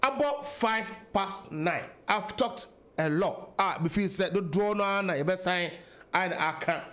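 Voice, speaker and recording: A man's voice: sits high, measured pace, fairly bright tone. A Ghanaian man hosting a political talk radio show, giving an emphatic monologue that mixes English and Twi.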